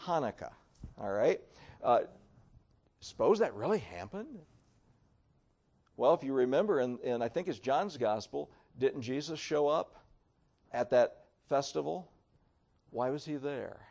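A middle-aged male pastor preaching a sermon, reading scripture aloud with wide swings in pitch and loudness. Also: lively intonation, measured pace, gravelly, long pauses.

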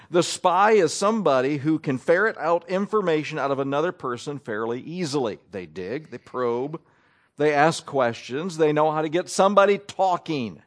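A man preaching a sermon with a fairly high voice that swings widely up and down. He talks conversationally and keeps asking his listeners questions as he works through scripture.

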